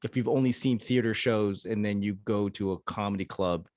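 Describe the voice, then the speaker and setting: A man's voice: on the low side, moderate pace, darkish tone, no echo, studio quality. A man with a Boston accent, a stand-up comedian chatting casually as a podcast guest.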